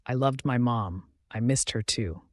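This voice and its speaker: A man's voice: medium pitch, a little slow, dry recording, clean studio sound, lightly acted. A man playing a cold, grieving husband.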